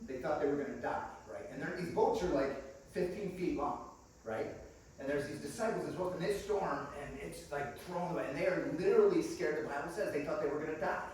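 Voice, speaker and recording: A man giving a sermon in a small church, telling stories and acting out the voices, swinging from quiet to loud. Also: fairly high pitch, a little fast, slight background noise. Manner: storytelling, acts out dialogue, swings from quiet to loud. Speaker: guest preacher. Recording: echoey church room, mic at a distance.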